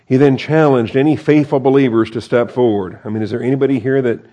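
A man's voice: mid-range voice, steady tone, fast talker, warm tone, highs cut off. A man reading a Bible passage aloud and breaking off into conversational commentary with wry asides. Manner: reads scripture aloud then comments, wry asides and self-corrections. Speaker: Bible teacher.

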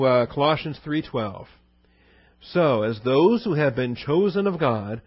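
A man's voice: medium pitch, slightly rough, no echo, highs cut off. A male pastor giving a conversational verse-by-verse sermon, asking his listeners questions and answering them himself, with many fillers.

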